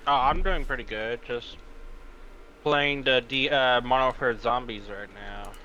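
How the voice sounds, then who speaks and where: Chill guy joining the stream, bright mid voice, casual and friendly. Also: medium pitch, measured pace, muffled recording, slight background noise. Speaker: returning stream viewer. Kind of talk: casual live-stream chat.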